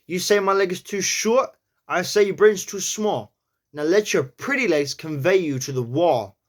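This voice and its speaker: A man's voice: high-pitched, expressive, normal speed, pitched above the performer's own voice. A man putting on a swaggering New York gangster. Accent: attempted New York. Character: brash male gangster with a thick New York accent.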